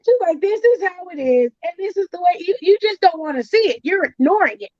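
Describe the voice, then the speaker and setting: A high-voiced woman hosts a casual podcast chat and tells a story with lots of acted-out quotes and swearing. The sound is dry and a bit dull, like a lo-fi home setup. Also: brisk, dry recording. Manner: animated storytelling, acts out quotes, swears freely. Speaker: podcast host.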